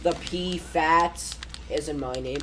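A man's voice: fairly high pitch, takes it slowly, sharp tone, a little hiss or hum. A teenage boy gaming with friends, making wry self-mocking jokes. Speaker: player. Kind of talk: casual gaming banter.

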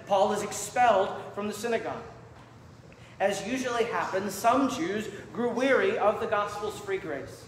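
A man preaching a sermon from the pulpit with emphatic, measured delivery. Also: sits high. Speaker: pastor. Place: church sanctuary. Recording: echoey church hall with faint room noise.

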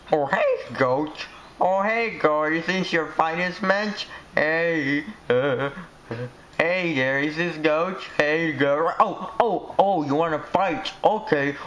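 A man giving excitable, rambling commentary while he plays a game. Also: a little high, lo-fi sound, slight background noise.

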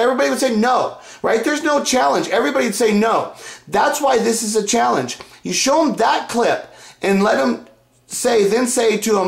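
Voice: medium pitch, lively intonation, fairly quick, vocal fry, reverberant. A vlogger talking in a rambling, repetitive and insistent way, restarting sentences often. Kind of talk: casual rambling monologue to camera.

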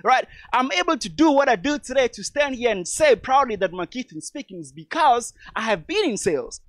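A man's voice: very high voice, sing-song, moderate pace, no room sound. A man from Togo, giving an emphatic motivational speech and calling his audience "lovely people". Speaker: motivational speaker.

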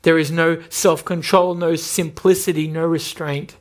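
A man's voice: a little high, level tone, unhurried. A male pastor preaching a sermon, earnest and pressing direct questions at his listeners.

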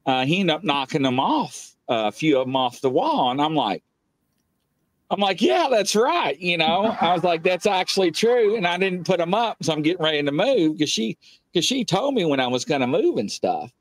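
A man's voice: normal speed, dry recording. Middle-aged guy rambling through a story, lots of uh's, voice jumps way up on the quotes, dry close sound. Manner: animated, jumps up in pitch when acting out quoted speech; loose and rambling with many filler "uh"s. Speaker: guest, police captain. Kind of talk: casual storytelling.

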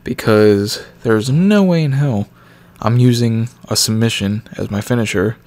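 A young man giving casual let's-play commentary on a video game, candid and reacting loudly to what happens on screen. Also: mid-range voice, a little slow. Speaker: gameplay commentator.

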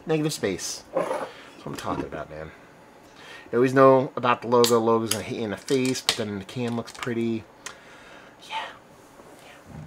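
A man of ordinary pitch chats his way through a beer review on camera. He rambles, restarts his sentences and fixes his words as he talks. A faint hum of room noise sits behind him. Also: animated, normal speed, pauses often. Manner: rambling, conversational, self-correcting. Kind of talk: casual video review.

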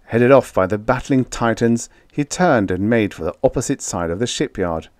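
A man narrating a science fiction audiobook in an expressive, lively reading. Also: mid-range voice, moderate pace, dry recording.

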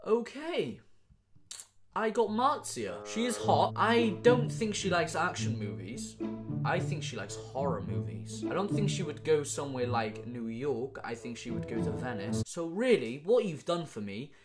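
A man's voice: medium pitch, normal speed, music in the background. A young man from Wales with a Welsh accent, chatting casually and bantering through an online quiz, swearing often. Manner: swearing, banter-filled, animated. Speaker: YouTuber.

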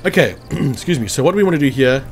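A man's voice: fairly high pitch, expressive, fast, faint music behind. A man casually commentating a strategy game walkthrough, chatty and thinking aloud as he checks hit chances. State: hiccuping after lunch. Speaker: gameplay commentator.

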